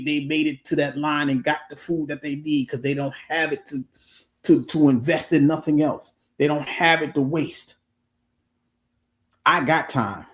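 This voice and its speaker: A man's voice: fairly high pitch, darkish tone, roomy sound. Earnest stammering man on a livestream. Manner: earnest, repetitive, stammering restarts, casual swearing. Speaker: live streamer. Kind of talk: casual motivational livestream talk.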